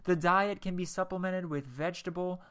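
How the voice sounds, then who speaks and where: A man's voice: sits high, steady tone, moderate pace, a bit bright, clear, resonant tone. A man hosting a casual solo podcast, reading text aloud in a rambling, jokey way and tripping over words. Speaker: podcast host.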